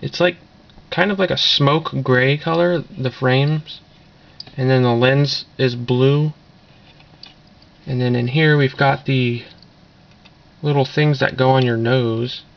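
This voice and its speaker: Man with a gravelly voice, rambling unboxing. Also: mid-range voice, fairly even intonation, takes it slowly, pauses often. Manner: rambling, offhand, filler-heavy. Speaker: vlogger doing an unboxing. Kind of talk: casual unboxing commentary. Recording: dull lo-fi camera audio with noise.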